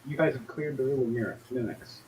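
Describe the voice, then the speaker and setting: A man's voice: medium pitch, a little fast, a little mellow. A man narrating as game master in casual, profane table talk. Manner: casual, swears freely, voices figures briefly. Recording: slightly dull lo-fi audio, faint hiss.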